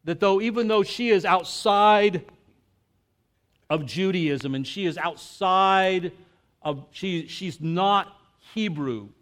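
A man preaching a sermon in a conversational, animated way. He often breaks off and restarts his sentences. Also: high voice, slow pace. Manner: conversational and animated, with frequent self-interruptions and restarts. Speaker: pastor.

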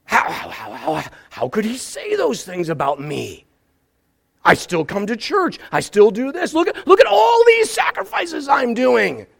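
A man voicing an indignant churchgoer who whines and protests in a high, shouting voice during a sermon. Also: huge pitch swings, unhurried, vocal fry, husky, exaggerated voice.

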